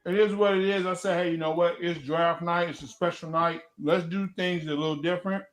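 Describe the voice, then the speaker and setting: A man's voice: a little high, steady tone, a little fast, poor audio. A man co-hosting a casual sports chat, laid-back and teasing. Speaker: co-host.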